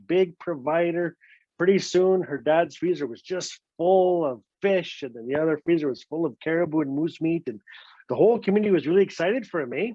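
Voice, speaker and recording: A man tells a funny folk tale, his voice sitting a little high for a man. He plays with repetition and keeps tagging lines with "eh". The sound is dull and very dry, like a lo-fi video call. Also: no echo. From Northwest Territories, Canada. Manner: lively, playful, repeats words for effect, ends lines with "eh". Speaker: storyteller. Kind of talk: told folk story, casual and humorous. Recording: dull, dry lo-fi online recording.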